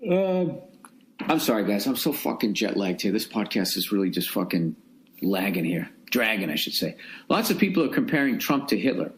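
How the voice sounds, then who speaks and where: An American man talks alone into a podcast mic, swearing constantly and ranting with a sarcastic edge. His pitch jumps around a lot as he riffs, and the pacing of his talk stays conversational. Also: sing-song, normal speed, husky. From United States. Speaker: podcast host. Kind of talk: solo comedy podcast monologue.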